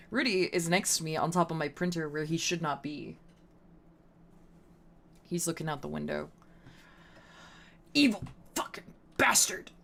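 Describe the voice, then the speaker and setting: A woman's voice: low voice, vocal fry, slight background noise. A woman streamer chatting casually on a live stream, swearing freely in a playful, teasing way. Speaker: VTuber streamer.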